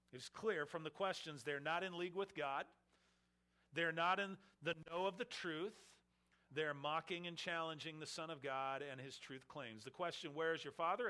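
A man preaching an expository sermon, acting out the questioners' mocking lines as he explains the text. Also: a little high. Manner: animated, acts out the questioners with mocking voices. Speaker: pastor.

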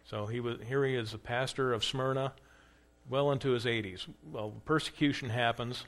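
A man's voice: medium pitch, fairly even intonation, normal speed, a bit bright. A man teaching church history in a conversational lecture, asking the class questions and acting out quoted lines. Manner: conversational, acts out quoted dialogue with rising emphasis.

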